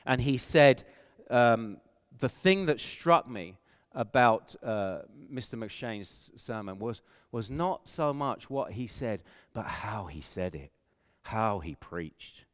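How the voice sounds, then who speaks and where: A man's voice: lowish voice, animated, slow pace, a bit bright, in a large hall. A man with an English accent, preaching a sermon as a pastor, earnest and emphatic, posing rhetorical questions to the congregation. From England.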